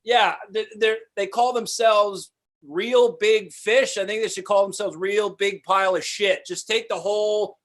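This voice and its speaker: A flustered, exasperated customer trying to return a purchase, played by a man. His voice sits high, and he rambles and restarts his sentences in an improvised comedy scene over a video call. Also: steady tone, measured pace, fairly bright tone.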